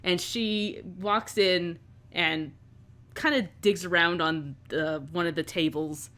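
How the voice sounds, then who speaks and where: Woman game master, lower voice, loose narration with fillers, tabletop game. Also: fairly even intonation, slow pace, fairly bright tone.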